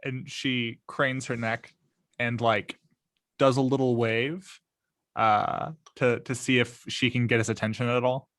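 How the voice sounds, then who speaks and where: A man taking his turn in a tabletop game, describing his character thoughtfully between frequent fillers. His voice is bright and a little tense, recorded with a dry, close sound. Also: medium pitch, level tone, a little slow, no room sound. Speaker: player.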